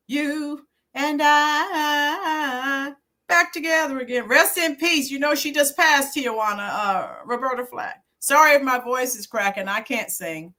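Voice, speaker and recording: A middle-aged woman hosts a casual live-stream, reminiscing and answering viewers by name. Her voice is bright and ringing and sits a little high. She talks at an unhurried, drawn-out pace. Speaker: YouTube channel host and teacher.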